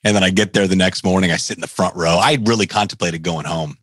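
A male podcast host with a low voice talks casually and tells stories with lots of "um" and "you know". His voice is close and dry, with no room sound. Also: fast talker, no echo. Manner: lively storyteller, many fillers. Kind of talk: casual interview chat.

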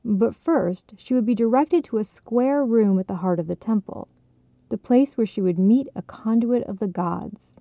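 A woman in calm storybook narration, soft and unhurried, over a dry, tinny phone-like sound. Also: a little high, gravelly, no room sound.

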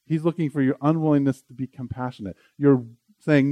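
A man's voice: fairly high pitch, fairly quick, no room sound, dull audio. A man pastor preaching an earnest, conversational sermon during a church service, often restarting his phrases.

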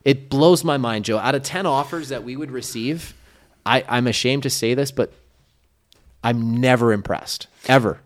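A man's voice: medium pitch, normal speed. A man co-hosting a podcast, giving casual coaching talk with emphasis and acting out sample lines of dialogue. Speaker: podcast co-host, real estate coach.

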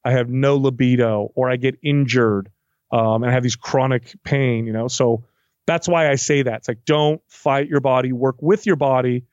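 A male fitness trainer with a mid-range voice speaks at normal speed in a casual interview, recorded dry with dull audio. He's animated and acts out what his clients say.

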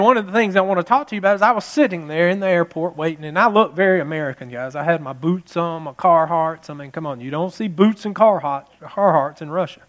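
A man with a notably high voice preaches in a loose, conversational way. He tells the story as he goes, repeats phrases, and builds to passionate emphasis as his points land. The feel is a pastor talking straight to his congregation. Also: fairly bright tone. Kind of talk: sermon with personal story.

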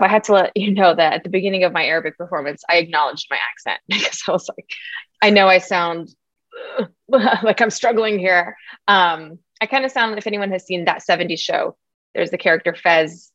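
A woman comedian chatting in an interview, telling animated stories with frequent fillers and laughs. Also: fairly low pitch, dry recording. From United States. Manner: animated storyteller, laughs often, many ums and likes. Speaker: comedian guest. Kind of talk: casual interview chat. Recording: dry, dull lo-fi sound.

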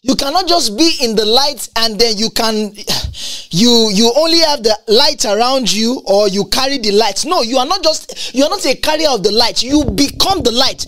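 A woman delivering a sermon with fervent emphasis. She repeats key phrases and quotes scripture. Her pitch sits high and swings with animation. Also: expressive, moderate pace, fairly bright tone. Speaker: preacher.

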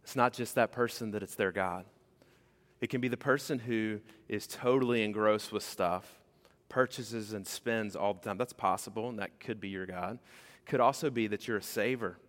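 A man preaching a sermon to his church, animated and conversational, acting out the voices he quotes. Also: on the low side, moderate pace, long reverb tail. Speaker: pastor. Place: church sanctuary.

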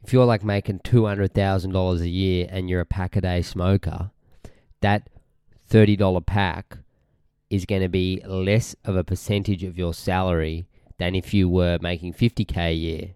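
A young Australian man hosts his own podcast, ranting in a rambling, swearing, easily irritated way. His voice sits very low and sounds smooth and resonant. The recording is close and dry, with no room sound. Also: little pitch movement, moderate pace, a little mellow, no room sound. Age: young adult. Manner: rambling, irritated, sweary, often trails off mid-sentence. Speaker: podcast host. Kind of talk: casual ranting monologue.

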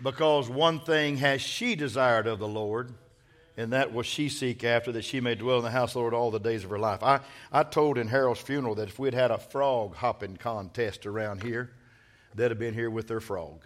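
A man's voice: mid-range voice, moderate pace. Man preaching a sermon to his church. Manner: preacher leading call-and-response, builds to loud emphatic peaks. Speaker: pastor. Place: church sanctuary.

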